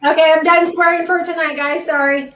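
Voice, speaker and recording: A female news co-host speaks bluntly and angrily, swearing freely, her voice a little high. She sits back from the mic, so the sound is roomy and distant. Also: fairly even intonation, a little fast, a bit bright. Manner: blunt, angry, profane commentary. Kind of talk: live online news talk.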